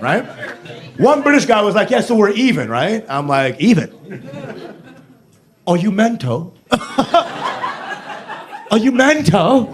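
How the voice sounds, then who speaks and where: A man's voice: high-pitched, fairly bright tone. A man performing a brash, profane stand-up set on a club stage, mimicking accents and voices. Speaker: stand-up comedian. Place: comedy club stage before a live audience.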